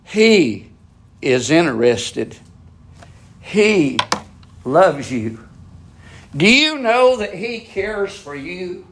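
A man's voice: high-pitched, sing-song, extremely slow, pauses often, a little hiss or hum. A man preaching a sermon in a fervent, repetitive cadence.

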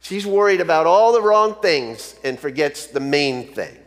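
A man's voice: a little high, lively intonation, measured pace, fairly bright tone. A male pastor preaching a sermon in a conversational, storytelling way. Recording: long hall reverb.

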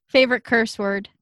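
A woman co-hosting a podcast, upbeat and quick to laugh as she runs a question round. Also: fairly high pitch, a bit bright, no room sound, studio quality. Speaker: podcast co-host. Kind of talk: casual interview chat.

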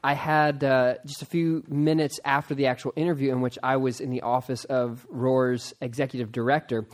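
A man who is a pastor, hosting a casual podcast interview, excitable and quick to laugh as he rambles through stories. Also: mid-range voice.

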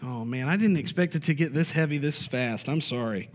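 A man preaching with a high-pitched, emphatic delivery, driving points home by repeating them and asking for amens. His voice rings out with the long reverb of a large church hall. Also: fairly quick. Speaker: pastor. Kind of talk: sermon.

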